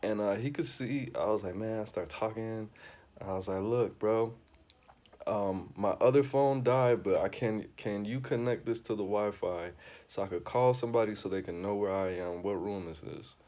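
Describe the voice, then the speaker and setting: A young man, the channel host, telling a wild story in a slangy, swearing storytime style, acting out every voice and shooting high and loud on the quotes. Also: normal speed. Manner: acts out both sides of the dialogue, voice jumping up high and loud for quoted lines. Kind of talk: animated storytime monologue.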